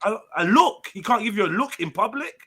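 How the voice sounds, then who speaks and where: A man's voice: high-pitched, expressive, fast, sharp tone, husky. A man on a call-in panel, pushing his point emphatically. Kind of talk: casual group chat.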